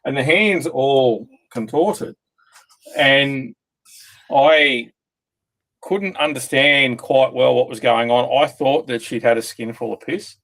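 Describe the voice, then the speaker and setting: A man hosting a casual podcast, telling a story in a relaxed, hesitant way. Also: mid-range voice, takes it slowly, low-quality recording.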